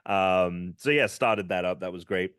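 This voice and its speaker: A man's voice: sits low, a little slow, a bit bright, clear, resonant tone, no echo, clean studio sound. A British man co-hosting a casual gaming podcast, rambling with lots of fillers as he enthuses. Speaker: podcast co-host.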